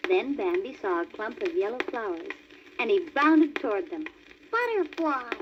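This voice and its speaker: A woman reading a children's storybook aloud as the narrator of a read-along record, in a clear, animated manner. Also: medium pitch, normal speed. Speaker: story reader. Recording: dull crackly old vinyl record.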